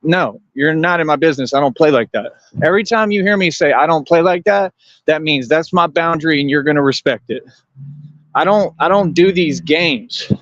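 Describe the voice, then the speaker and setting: A man's voice: on the high side, fairly quick, a bit bright, dry recording, dull audio. A man hosting a livestream, lecturing his viewers in a confrontational, repetitive rant. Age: adult. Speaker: livestream host.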